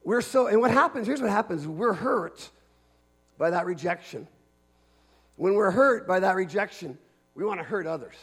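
Canadian-born guy preaching, high-ish voice, earnest and pushy with the repeats. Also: animated, moderate pace, long pauses, a bit bright, breathy edge. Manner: earnest, emphatic preaching with repetition. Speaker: pastor. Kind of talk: sermon.

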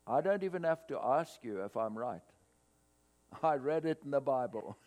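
A man preaching a sermon to his congregation, swelling louder on scripture quotes. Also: mid-range voice, normal speed. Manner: expressive preaching, rising loud on scripture quotes. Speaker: pastor. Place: church hall, cold morning. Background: mains hum.

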